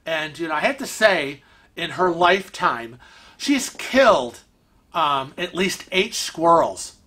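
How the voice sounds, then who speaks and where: A man hosting a vlog, telling a story at home in an animated, chatty way. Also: fairly high pitch, takes it slowly. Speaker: vlog host. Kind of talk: casual storytelling. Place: family room at home.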